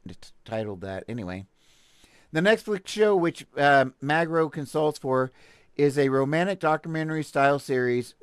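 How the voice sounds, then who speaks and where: A man's voice: mid-range voice, clean tone, no echo, clean studio sound. A man from Texas with a Texan accent, hosting a show and reading a news article aloud, with sarcastic asides and stumbling restarts. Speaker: podcast host.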